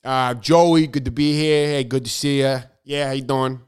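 A man's voice: mid-range voice, fairly even intonation, moderate pace, clear, resonant tone, close to an everyday voice. A man voicing a chummy, brash male New York guy with a New York accent, as an improv character bit. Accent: New York (put on).

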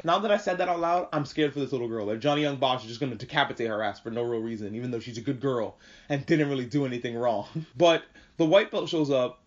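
A man casually reviewing an anime episode on his own, excitable and swearing, acting out the characters as he goes. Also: mid-range voice, fast talker. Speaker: podcast host reviewing anime. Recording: dull lo-fi audio.

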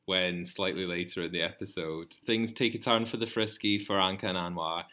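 A man co-hosting a podcast in casual chat, recapping a TV episode with wry, dry jokes and quick asides. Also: low voice, pushed and bright. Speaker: podcast co-host.

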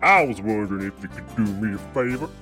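A man's voice: on the low side, lively intonation, quick pace, pushed and bright, faint music behind. A man voicing a boastful, washed-up male country singer in a spoof radio advert, with folksy salesman patter. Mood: hammy pitch.

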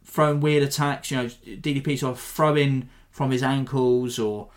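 A man hosting a podcast, giving a rambling, animated breakdown of a fight in a self-deprecating way. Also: mid-range voice, moderate pace. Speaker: podcast host. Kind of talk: casual fight analysis.

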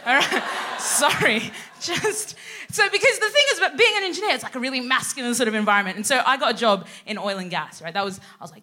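A woman from Sudan who grew up in Australia, co-hosting a live show and telling a stand-up comedy set in an animated way, swearing and acting out quotes. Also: mid-range voice, fast talker. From Sudan, raised in Australia. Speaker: co-host.

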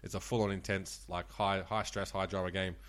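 Fast-talking Australian man, low voice. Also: level tone. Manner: fast, swearing, laughing often. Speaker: guest, former casino dealer. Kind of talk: casual storytelling.

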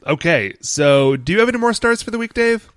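A man co-hosting a podcast in casual chat, with dry, deadpan banter. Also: high-pitched, a little fast, clear, resonant tone, no echo. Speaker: podcast co-host.

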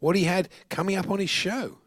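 A man's voice: sits high, steady tone, a little fast, no echo, studio quality. A man co-presenting radio, introducing clips and chuckling often. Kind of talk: casual chat introducing clips.

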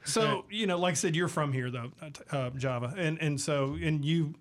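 A middle-aged man hosting a casual chat, jokey and talkative, quick to laugh. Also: a little high. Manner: jokey, chatty, laughs easily. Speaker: show host.

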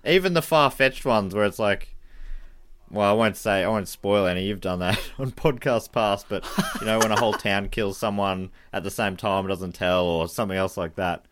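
Wry man with a low voice. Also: moderate pace, fairly bright tone, a little hiss or hum. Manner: wry, chatty commentary with frequent restarts. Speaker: podcast co-host. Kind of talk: casual podcast chat.

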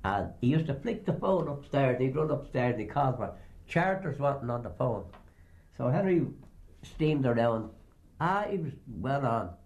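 An older man reminisces about old pranks in a rambling, anecdotal way. His pitch sits squarely in the ordinary male range, and he slips into the voices of the people he quotes. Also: sing-song, normal speed, a little mellow. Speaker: storyteller. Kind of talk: oral history reminiscence.

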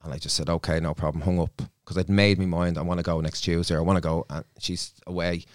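A deep-voiced man talks things through in a reflective, storytelling way, often acting out what he said to himself. He sits close to a studio mic, and the sound is dry. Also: little pitch movement, fast talker, no room sound. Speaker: therapist and podcast guest. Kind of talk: casual studio podcast chat. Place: podcast studio.

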